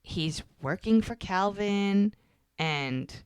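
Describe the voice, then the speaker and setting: A woman co-hosting a podcast, chatting casually and retelling scenes with animated acted-out dialogue. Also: mid-range voice, very slow, smooth, no room sound, studio quality. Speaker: podcast co-host. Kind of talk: casual chat recapping a TV episode.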